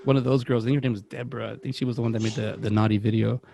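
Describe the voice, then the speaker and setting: A man's voice: mid-range voice, fairly even intonation, racing, gravelly, warm tone. A young man, co-host of a podcast, telling rambling stories in casual chat and acting out the voices of people he quotes. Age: young adult.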